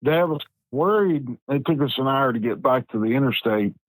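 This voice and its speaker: A man, telling a personal story as a podcast guest in an unhurried, plain-spoken way with frequent restarts. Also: medium pitch, animated, no room sound, rough recording. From West Virginia. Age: 50s.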